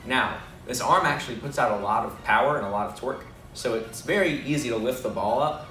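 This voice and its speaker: A man casually walking through how his team's robot works, in a self-deprecating, relaxed way. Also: mid-range voice, brisk. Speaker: robotics team member. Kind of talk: casual technical walkthrough. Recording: echoey room, mic far off, music behind.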